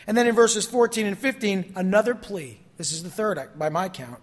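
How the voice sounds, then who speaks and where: A man preaching a sermon, reading scripture expressively and explaining it, his voice lifting on quoted verses and dropping low on conclusions. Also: animated, fairly quick, hardly any pauses. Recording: long reverb in a large hall.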